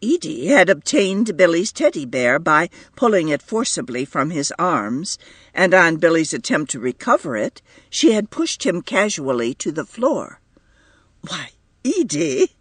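A man reading a story aloud as narrator, measured and expressive. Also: fairly high pitch, slightly rough, no room sound. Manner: measured, lively intonation. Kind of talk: audiobook reading.

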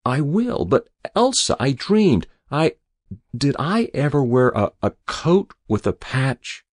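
A man's voice: medium pitch, sing-song, slow, no echo, studio quality, pitched above the performer's own voice. A man reading an audiobook voices an elderly sick man waking in a hospital bed, weak and confused.

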